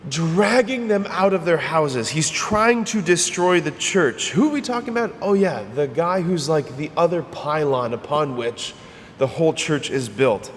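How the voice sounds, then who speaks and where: Conversational priest preaching in a reverberant church. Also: male voice, a little high, lively intonation, measured pace, a little hiss or hum. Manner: conversational, emphatic, repeats phrases. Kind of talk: homily.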